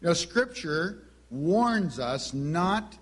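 A man's voice: a little high, expressive, extremely slow, breathy edge. A middle-aged man giving a teaching talk on Christian parenting, telling family stories and acting out the dialogue. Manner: storytelling, acts out family dialogue.

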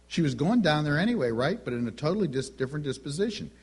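A middle-aged man preaching a sermon, telling stories with lively delivery and acting out the voices of the people in them. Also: on the high side, fast talker, slightly rough. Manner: animated storytelling, acts out quoted voices.

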